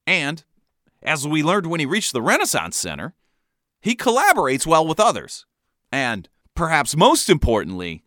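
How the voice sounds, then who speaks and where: A man hosting a comedic storytelling monologue with a wry, animated delivery. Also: mid-range voice, no room sound, studio quality. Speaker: podcast host.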